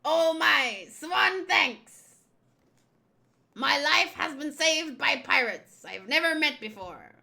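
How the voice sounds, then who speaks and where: A woman's voice: high voice, animated, slow pace, gravelly, pushed and bright, heavily acted. Woman putting on a gushing theatrical male castaway. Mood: grateful. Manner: gushing and dramatic, over-polite. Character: flamboyant, theatrical male pirate-crew castaway. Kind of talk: reading a manga aloud in voices.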